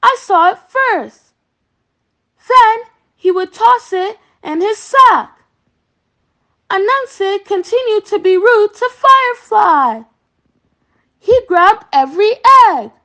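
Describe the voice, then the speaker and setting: A woman reading a children's story aloud slowly and carefully. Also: very high-pitched, lively intonation, pushed and bright.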